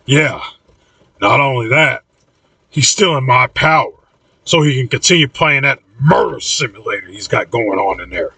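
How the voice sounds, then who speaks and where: A man's voice: medium pitch, animated, normal speed, sharp tone, slightly rough, dry recording, far from the mic, full character voice. A man voicing a cranky, blunt elderly man in his seventies in an audiobook reading.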